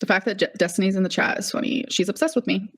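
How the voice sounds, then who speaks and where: A woman's voice: medium pitch, quick pace. A young woman vlogger ranting emotionally on a live stream, heated and swearing, repeating herself, shaky and upset.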